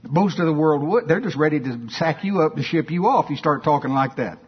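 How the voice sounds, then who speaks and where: A male preacher telling a story in an emphatic, animated sermon, with asides to the congregation. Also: a little high, brisk, breathy edge. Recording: dull lo-fi sermon recording.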